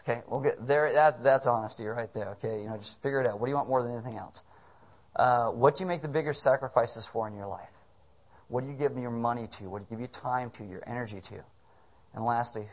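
A man's voice: mid-range voice, fast. A man preaching a sermon as pastor, conversational and joking, firing off rhetorical questions.

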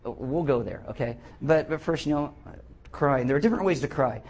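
Middle-aged male pastor, husky, slightly high voice, animated sermon delivery with acted-out asides. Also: moderate pace. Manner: animated, acts out quoted voices.

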